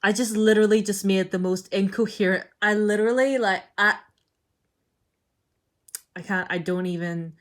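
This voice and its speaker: A young woman chatting casually in a reading vlog, excitable and full of fillers and laughs. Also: medium pitch, normal speed, long pauses. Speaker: book vlogger.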